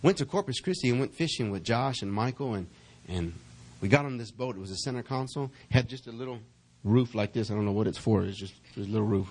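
A middle-aged man preaching a sermon as pastor, reading verses slowly and building in intensity, calling on the congregation to answer back. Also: mid-range voice, a little mellow. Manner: calls for congregation responses.

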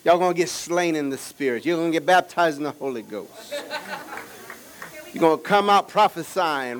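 Man pastor, high-pitched preacher, call-and-response, shouts then drops to quiet asides, faint room hum. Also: normal speed. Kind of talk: energetic sermon. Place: church service with children present.

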